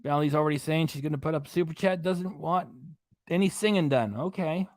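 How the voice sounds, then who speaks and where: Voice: mid-range voice, brisk, a little mellow, no echo, studio quality. A livestream host chatting casually, thanking viewers by name and reading out comments between video clips.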